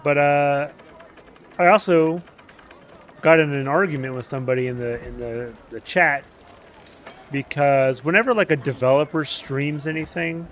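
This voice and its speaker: Animated ranting male streamer. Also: fairly high pitch, normal speed, long pauses, a little hiss or hum. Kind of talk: casual gameplay chat.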